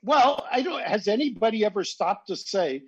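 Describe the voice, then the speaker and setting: A man's voice: sits high, lively intonation, normal speed, breathy edge, no echo. A man co-hosting a podcast, arguing earnestly and asking pointed questions. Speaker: podcast co-host. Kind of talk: casual chat. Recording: dull dry lo-fi mic.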